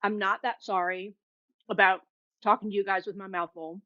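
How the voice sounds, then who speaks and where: A woman's voice: medium pitch, steady tone, normal speed, sharp tone, highs cut off. A woman hosting a live cooking demo, chatty and enthusiastic, tasting food as she talks. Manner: chatty and enthusiastic, tastes while talking. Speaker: cooking show host.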